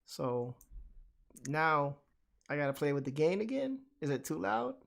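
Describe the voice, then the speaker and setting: A man hosting a live stream, chatting loudly and laughing while he draws at a desk mic. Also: fairly high pitch, sing-song, a little slow, vocal fry. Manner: loud, laughing, talks while drawing. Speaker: streamer host. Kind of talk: casual chat. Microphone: desk mic with gain turned up.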